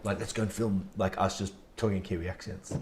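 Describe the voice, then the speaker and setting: A man's voice: low voice, fairly quick, noisy background. A man, telling stories in casual chat, animatedly quoting others and swearing. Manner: animated, quotes people, swears. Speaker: co-host.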